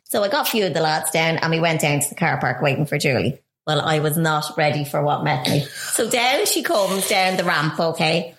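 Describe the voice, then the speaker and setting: A middle-aged Irish woman, co-hosting casually, telling a story in a lively way and acting out the quotes. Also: sits low, fairly quick, hardly any pauses, echoey room. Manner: lively, animated storyteller who acts out quotes.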